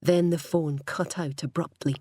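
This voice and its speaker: A woman reading a crime novel aloud in measured, wry scripted narration. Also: sits low, steady tone, mellow, husky, dry recording, clean studio sound. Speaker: audiobook narrator.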